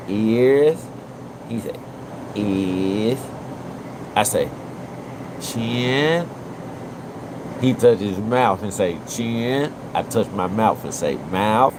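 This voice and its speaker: A man's voice: lowish voice, noisy background. A man, live-streaming emotional commentary and talking earnestly and repetitively to his chat.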